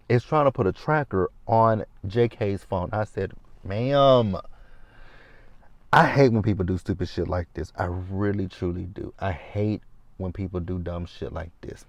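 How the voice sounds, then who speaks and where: Blunt low-voiced man recapping. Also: sing-song, normal speed, dry recording. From Texas. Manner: chatty, blunt, profane asides to viewers. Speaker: reality TV recap host. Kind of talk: casual recap commentary.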